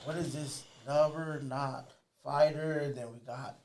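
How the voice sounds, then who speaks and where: A man's voice: on the high side, fairly even intonation, unhurried, noisy background. A man co-hosting a podcast, chiming in playfully. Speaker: podcast co-host. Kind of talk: casual chat.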